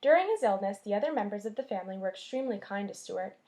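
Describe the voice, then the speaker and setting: A woman teacher reading a chapter book aloud to her class, telling the story expressively and pausing to point at the pictures. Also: medium pitch, animated, warm tone.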